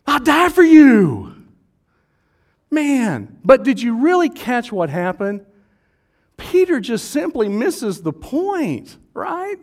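A male pastor with a high, slightly mellow voice preaches in a relaxed, joking manner. Playful throughout, he acts out voices from the crowd.

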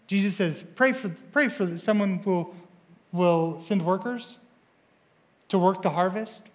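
A young man preaching a sermon as a student pastor in a church, energetic and excitable, often stumbling and repeating words as he speaks. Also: high-pitched.

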